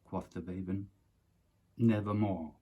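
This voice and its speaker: A man's voice: low voice, steady tone, slow, mellow, slightly rough, highs cut off. A man reciting a long poem from memory in a dramatic, declamatory way. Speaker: poetry reciter.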